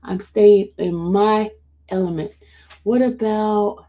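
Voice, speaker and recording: A woman hosting a casual livestream, chatting and answering viewer comments in an expressive way. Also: mid-range voice, a little slow. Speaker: livestream host covering court cases. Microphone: streaming setup.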